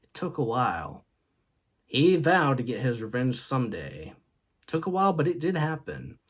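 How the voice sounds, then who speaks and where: A man's voice: medium pitch, huge pitch swings, normal speed, breathy edge. A man hosting a comedy show, telling stories about his grandfather and laughing at his own jokes. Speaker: host. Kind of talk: comedic storytelling monologue.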